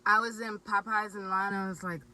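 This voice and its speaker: A woman excitedly reviewing a chicken sandwich, chatting casually in her parked car. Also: medium pitch, normal speed, distant mic, a little hiss or hum, rough recording. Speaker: vlogger. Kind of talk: casual food review vlog.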